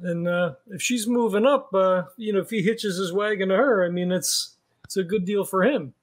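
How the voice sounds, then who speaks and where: A man playing a laconic private detective in a tabletop role-play, drawling with hesitant pauses. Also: high-pitched, close to an everyday voice. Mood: easygoing.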